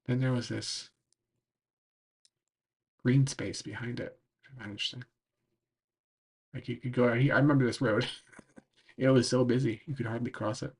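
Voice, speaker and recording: Husky, gravelly man losing his voice. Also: mid-range voice, steady tone, normal speed, long pauses. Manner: rambling, full of "like" and "um". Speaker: streamer. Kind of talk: casual recap while browsing a map.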